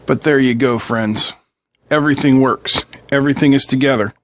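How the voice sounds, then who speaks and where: An electronics channel host chats casually with viewers, joking as he solders and tests a circuit board at his workbench. He has a medium-pitched male voice with a steady tone and moderate pace, plus a little hiss or hum.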